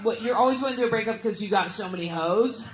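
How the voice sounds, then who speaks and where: A woman's voice: mid-range voice, fast, heavy background noise. Brash female stand-up working the crowd, teasing and blunt; echoey club with a roaring audience. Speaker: stand-up comedian. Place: comedy club stage. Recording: echoey comedy club with loud crowd laughter. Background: audience laughter.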